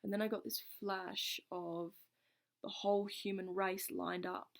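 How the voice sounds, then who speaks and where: A woman's voice: medium pitch, flat delivery, measured pace, gravelly. A woman with a mid-range voice talks straight to her viewers, recounting something personal. She is earnest and reflective, and her sentences spill forward loosely, strung together with casual fillers. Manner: reflective, earnest, speaks in loose run-on phrases with frequent "like". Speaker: vlogger. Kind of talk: casual personal storytelling to camera.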